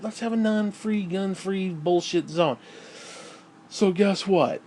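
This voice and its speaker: A man talking straight to his camera in a loose, rambling monologue, swearing freely as he rants. His voice sits a bit higher than most men's. A faint hum runs underneath. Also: slow pace, a little mellow. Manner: profane, ranting, rambling. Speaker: vlogger.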